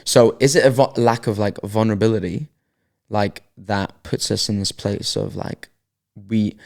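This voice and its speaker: A man's voice: on the low side, moderate pace, creaky, darkish tone. A man co-hosting a podcast, talking casually and thinking aloud with hesitant restarts. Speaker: podcast co-host. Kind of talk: casual reflective chat.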